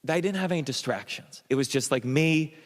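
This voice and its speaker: A man doing a stand-up comedy set, telling an animated story full of stammers and restarts, acting out the voices of the people in it. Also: fairly high pitch, a little fast, big-room sound. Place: comedy club stage. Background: audience laughter.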